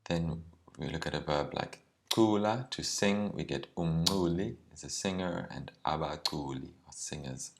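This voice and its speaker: A male language teacher explains words and grammar step by step. He talks carefully, pausing with ums and slowing down on key terms. His voice sits extremely low. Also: gravelly.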